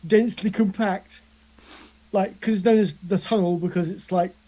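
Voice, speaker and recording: A woman playing a tabletop role-playing game, talking excitedly with quick rambling asides. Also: mid-range voice. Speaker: player.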